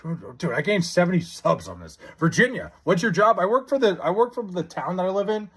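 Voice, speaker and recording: A young man live-streaming, chatting casually and reading out viewer comments, excitable and stammering with frequent restarts. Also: high voice, a little fast, husky.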